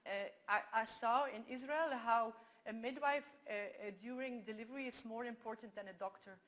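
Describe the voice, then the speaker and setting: A woman's voice: fairly high pitch, moderate pace. Flemish woman telling stories from a stage. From Belgium. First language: Dutch. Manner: animated storytelling with frequent restarts. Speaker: speaker. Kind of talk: conference talk.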